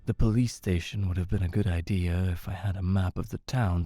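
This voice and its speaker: A man narrating a horror story in a measured, low-key way. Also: steady tone, warm tone, a little hiss or hum.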